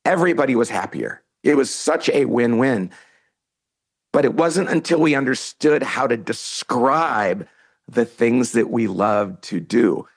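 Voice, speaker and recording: A middle-aged man with a husky, slightly breathy voice, telling a story as a podcast guest. He talks animatedly and acts out the lines he quotes. His voice sits in an ordinary male pitch range. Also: lively intonation, unhurried. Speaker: podcast guest, author and CEO. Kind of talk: storytelling in a casual interview.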